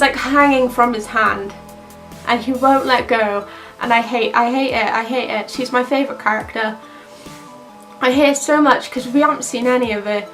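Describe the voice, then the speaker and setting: A young woman giving a casual, rambling film review, excitable and swearing freely. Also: on the high side. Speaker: movie reviewer.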